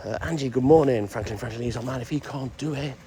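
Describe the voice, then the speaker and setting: A milkman streamer chats and banters casually with viewers on a phone live stream from his delivery van, swearing now and then. He talks fast in a mellow, medium-pitched voice, with music playing clearly behind him.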